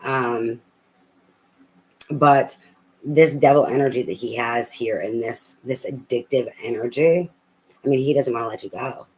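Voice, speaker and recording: A tarot reader giving a casual, blunt and heavily profane love reading in an animated way. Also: medium pitch, a little slow, pauses often, low-quality recording.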